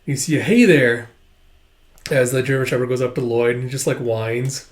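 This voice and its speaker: A man's voice: medium pitch, level tone, fast talker, darkish tone. A man casually recapping a manga chapter, rambling with lots of fillers. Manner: rambling, frequent fillers and "it's like". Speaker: manga reviewer.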